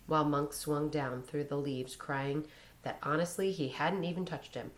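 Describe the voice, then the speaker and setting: Low-voiced bright woman reading a story. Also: steady tone, unhurried. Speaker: reader.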